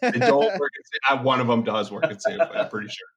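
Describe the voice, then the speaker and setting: A man's voice: mid-range voice, big pitch swings, fast. A young man in his twenties on a casual podcast chat, telling rambling, profane stories. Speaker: podcast co-host.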